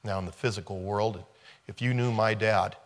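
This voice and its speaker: A man's voice: fairly low pitch, steady tone, normal speed. A man preaching a conversational sermon, retelling a film scene and repeating rhetorical questions.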